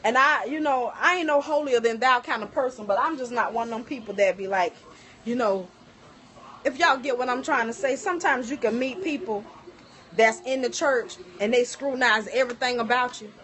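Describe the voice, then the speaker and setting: A middle-aged woman chats casually on a livestream from her kitchen. She tells stories with energy and keeps turning to her viewers as y'all. Her voice sits fairly high. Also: normal speed. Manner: animated storytelling, addresses viewers as y'all. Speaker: livestream host. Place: home kitchen.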